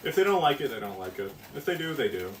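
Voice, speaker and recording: A man's voice: mid-range voice, very animated, quick pace. Rambling teen guy streaming from an echoey kitchen. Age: teens. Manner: rambling, self-mocking, swears casually. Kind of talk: casual live-stream chat while baking. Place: home kitchen. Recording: echoey room, distant mic, noisy.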